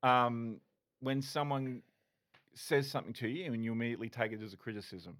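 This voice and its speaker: A man's voice: mid-range voice, a little fast. Man, middle-aged, ex-cop podcast guest, candid, blunt. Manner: frank, animated, swears, restarts often. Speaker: podcast guest, former police officer. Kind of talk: candid conversational storytelling.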